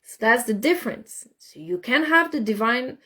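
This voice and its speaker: A woman telling a story in casual talk, animated, often repeating and restarting words. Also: on the high side, moderate pace.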